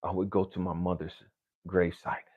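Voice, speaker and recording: A man, a spiritual coach, giving an emotional, confessional motivational monologue that drops to low murmurs and rises to near-shouts, swearing often. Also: flat delivery, normal speed, narrow, tinny audio.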